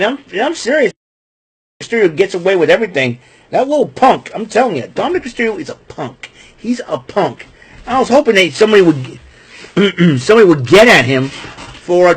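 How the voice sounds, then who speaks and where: Husky guy rambling thru a wrestling recap, kinda high voice, clears his throat a lot. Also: poor audio. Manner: rambling, repeats himself, fired up at villains.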